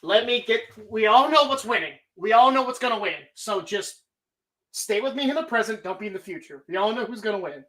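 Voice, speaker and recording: A woman's voice: fairly high pitch, lively intonation, fairly quick, fairly bright tone. A woman hosting a live stream, talking casually in a rambling, profane way. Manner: rambling, heavy swearing. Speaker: streamer host.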